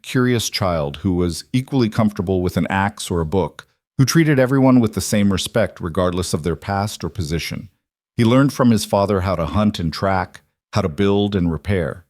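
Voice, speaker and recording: Guy narrating a story, low voice, dry sound, even and measured. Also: dry recording. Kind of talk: scripted narration.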